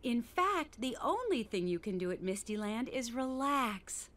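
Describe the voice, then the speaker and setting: A woman's voice: fairly high pitch, expressive, measured pace, fairly bright tone. A woman voicing a delighted resort guest in a scripted textbook advert, gushing and stressing key words.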